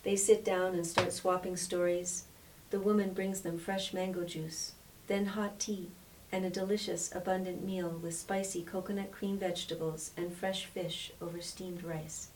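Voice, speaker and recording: A woman storyteller reading a story aloud in a measured, expressive way. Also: lowish voice. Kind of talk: storybook narration. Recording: distant mic with faint hiss.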